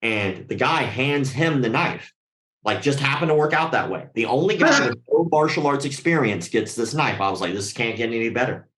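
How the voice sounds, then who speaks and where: A man with a medium-pitched voice tells a story at a moderate pace in a reverberant space. He's casual, animated and swears a lot, acting out the voices of the people he quotes.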